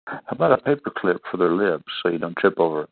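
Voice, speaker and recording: A man's voice: deep voice, expressive, fast, creaky, no room sound. A man co-hosting a prank call show, dropping short dry quips in casual chat over a voice call. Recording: tinny phone-like call audio, dry.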